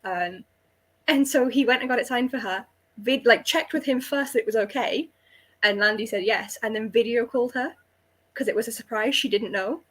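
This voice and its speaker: Husky young woman rambling through a story. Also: on the high side, normal speed, fairly bright tone. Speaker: podcast co-host. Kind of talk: casual chat.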